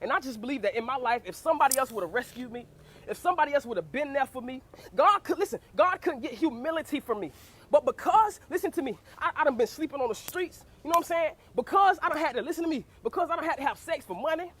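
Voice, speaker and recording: Fervent high-voiced young woman preaching. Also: animated, fast talker, a bit bright. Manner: fervent, repeats phrases and calls "you hear what I say?" to listeners. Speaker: speaker giving a personal testimony. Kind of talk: preaching testimony.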